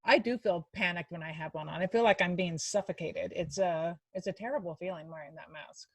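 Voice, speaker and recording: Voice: medium pitch, brisk, no room sound. An interviewer in casual chat, chatty and agreeable, who backs up the guest's points.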